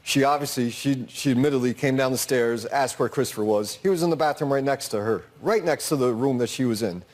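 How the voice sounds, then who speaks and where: A man's voice: mid-range voice, brisk. A middle-aged man, a guest on a talk show, speaking in an agitated, stammering way as he recounts his son's death. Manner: agitated, stammering, acts out others' words. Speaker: grieving father, guest.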